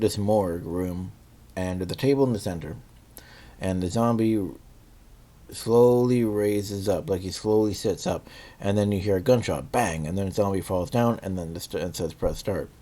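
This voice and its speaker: Deep, mellow-voiced man rambling a review. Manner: rambling, many fillers and restarts, searching for words. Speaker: video reviewer. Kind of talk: casual spoken review.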